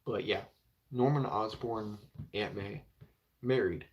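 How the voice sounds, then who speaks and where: A man's voice: on the low side, slow pace, highs cut off, slight background noise. A young man chatting casually on a live stream about comic books, rambling and filling with 'like' and 'you know'. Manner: rambling, heavy with filler words.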